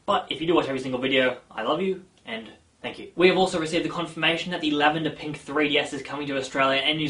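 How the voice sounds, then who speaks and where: A man's voice: medium pitch, pushed and bright. A man hosting a casual gaming news vlog, chatty and full of self-mocking asides.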